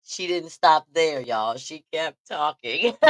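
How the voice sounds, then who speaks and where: Speaking slowly in a low voice with lively intonation, this woman hosts a podcast-style talk show with no room sound. She chats casually and tells stories with plenty of animation and frequent laughter, addressing her audience directly.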